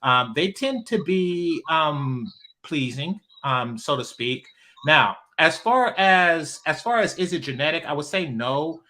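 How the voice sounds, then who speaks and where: A man from California hosting a casual debate, measured but insisting on finishing his point. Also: on the high side, animated, pushed and bright.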